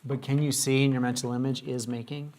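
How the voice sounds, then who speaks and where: Male teacher, patient questioning classroom manner, gravelly voice, middle pitch. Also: level tone, fairly quick, darkish tone. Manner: patient, questioning, coaxing answers from students. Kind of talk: classroom grammar lesson.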